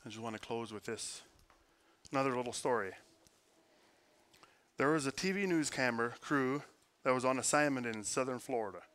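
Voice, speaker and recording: A man preaching a sermon, earnest, moving between forceful emphasis and quiet, hushed prayer. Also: mid-range voice, normal speed, pauses often. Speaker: pastor.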